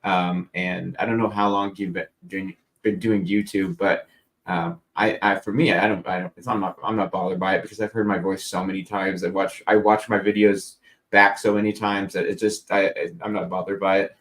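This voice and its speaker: A man's voice: low-pitched, level tone, normal speed, a bit bright. A man chatting casually in a meandering, hesitant way. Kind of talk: casual group chat.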